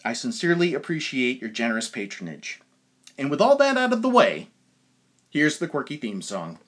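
A man hosting a podcast, earnest in tone and slow and careful when he spells things out. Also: medium pitch, huge pitch swings, fairly bright tone. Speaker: podcast host and novelist.

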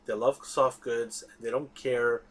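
A man with a husky, slightly rough voice talks in a casual podcast chat. He is emphatic and keeps restarting his sentences, doubling words as he goes. His pitch sits in an ordinary middle range. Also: fairly even intonation, slow pace, a bit bright. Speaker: podcast co-host.

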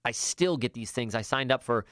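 A middle-aged man hosts a casual advice talk and coaches his listeners emphatically, stumbling over fillers and restarts as he goes. His voice sits at a middle pitch and sounds dry and close. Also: animated, moderate pace, fairly bright tone, no echo. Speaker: podcast host.

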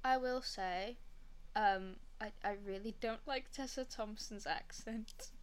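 A woman's voice: fairly high pitch, slow. A woman on a film podcast, giving blunt, emphatic opinions in casual chat. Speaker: podcast co-host.

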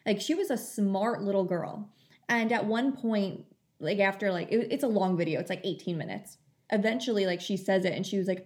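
A woman's voice: mid-range voice, a little fast, a little mellow. A young woman telling a long story in casual chat, full of fillers. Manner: chatty storytelling, many fillers.

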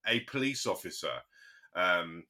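A man co-hosting a chatty podcast, his voice bright and forward. His pitch swings a lot as he gets into acting out his stories. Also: unhurried. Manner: animated storyteller who acts out phone calls. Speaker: podcast co-host. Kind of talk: casual chat.

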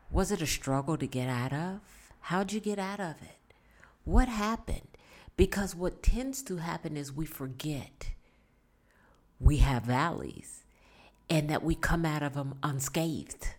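Low-pitched woman chatting to her viewers, earnest life advice, keeps repeating herself to drive it home. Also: measured pace, long pauses, darkish tone. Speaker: vlogger giving life advice. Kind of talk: casual motivational talk.

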